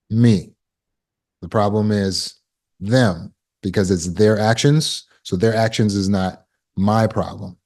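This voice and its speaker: Guy with a real low voice coaching people on a video call, encouraging, keeps saying good and right. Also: darkish tone. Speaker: healing coach. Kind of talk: live online teaching session.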